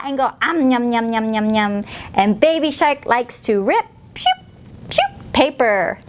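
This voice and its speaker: Librarian lady reading to little kids, slow and sing-song, high swoopy voice. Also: slight background noise. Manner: sing-song, animated, gentle with children. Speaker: children's librarian hosting story time. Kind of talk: reading aloud and teaching preschoolers.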